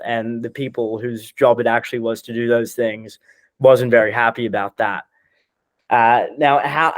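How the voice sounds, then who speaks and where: A young man in his twenties, a guest being coached on a podcast, describes a personal struggle hesitantly and keeps restarting his sentences. His mid-range voice has a clean tone, and the recording is dry.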